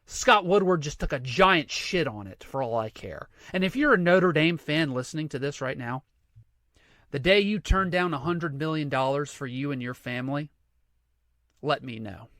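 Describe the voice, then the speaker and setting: A high-voiced man hosts a sports show from a dry, close-miked setup. He rants with profanity and biting sarcasm. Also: expressive, normal speed, a bit bright, dry recording. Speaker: sports commentary host. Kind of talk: sports rant monologue.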